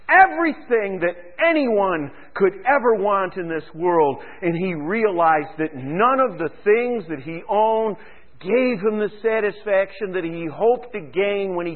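A man preaches a sermon in a high, animated voice, firing rhetorical questions at his listeners. His tone climbs toward fervent exhortation, and the broadcast sounds thin and phone-like. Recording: tinny radio broadcast.

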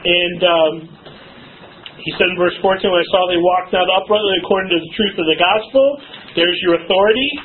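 A man's voice: high voice, a little fast. A male pastor preaching a sermon in a church, often prompting his congregation to finish his sentences and quoting older scripture wording. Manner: preacher cadence with King James quotes. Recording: phone-like band with faint noise.

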